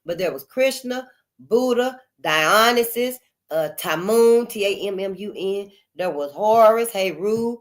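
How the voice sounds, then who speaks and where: A woman's voice: mid-range voice, lively intonation, unhurried. Older lady ranting casually to her channel, repeats herself a lot, keeps saying honey. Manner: emphatic and repetitive, calls listeners honey. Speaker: channel host. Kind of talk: casual unscripted monologue.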